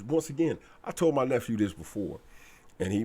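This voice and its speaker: A man's voice: fairly high pitch, huge pitch swings, brisk, a little mellow. A man delivering a blunt, repetitive, slangy preachy monologue as a commentator.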